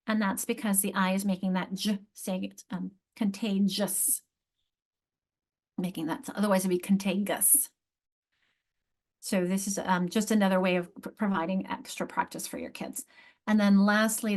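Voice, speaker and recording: A woman presenting a teacher training session on reading and spelling, explaining step by step with frequent restarts and questions to her audience. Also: medium pitch. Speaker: literacy workshop presenter.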